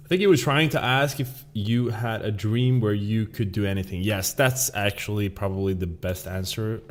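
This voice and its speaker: A young man from Sweden, rambling jokily through casual gameplay commentary and exclaiming in surprise. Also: on the low side. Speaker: gaming streamer.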